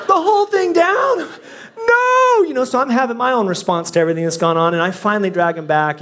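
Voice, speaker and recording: Animated storytelling pastor. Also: mid-range voice. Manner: animated, self-mocking, swings from loud to hushed. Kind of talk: storytelling sermon. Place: church.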